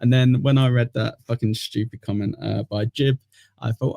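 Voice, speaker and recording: Gravelly, mellow-voiced male podcast host. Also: mid-range voice, steady tone, normal speed, dry recording, clean studio sound. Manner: rambling, lots of "uh", sweary banter. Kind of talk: casual podcast chat.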